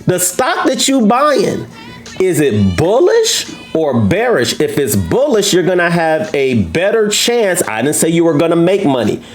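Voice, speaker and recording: A man teaching trading to viewers in a live lesson, brash and boastful, challenging his audience and jumping up in pitch for emphasis. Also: unhurried, faint music behind. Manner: animated, swoops up into high pitch for emphasis.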